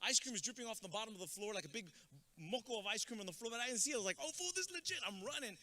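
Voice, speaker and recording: A man giving a comedic, energetic graduation speech as a motivational speaker, dropping in Spanish words. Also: high voice, very fast. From Texas. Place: outdoor graduation ceremony with stands.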